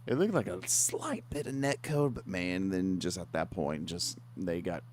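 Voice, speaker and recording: A man's voice: deep voice, expressive, a little slow, a little mellow, a little hiss or hum. A man giving color commentary on an online racing broadcast, casual and hesitant with lots of fillers. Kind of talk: live sim racing commentary.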